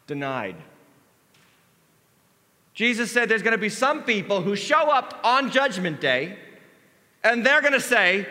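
A male pastor preaching with a lively, swooping delivery, his voice rising and falling as he acts out quoted lines. His tone is bright and forceful, and a long hall reverb trails each phrase through the church. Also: high-pitched, moderate pace. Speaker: lead pastor. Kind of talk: sermon.

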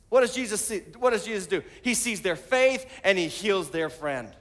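A man preaching a sermon as pastor, animated and rising to shouts. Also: high-pitched, normal speed, few pauses. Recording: long hall reverb.

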